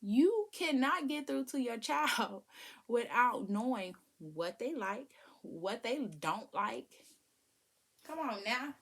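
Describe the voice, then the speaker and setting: Animated woman giving parenting advice. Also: a little high, takes it slowly, creaky, husky. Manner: animated, preachy, sings and vocalizes to demonstrate. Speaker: parenting vlogger. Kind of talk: casual advice talk.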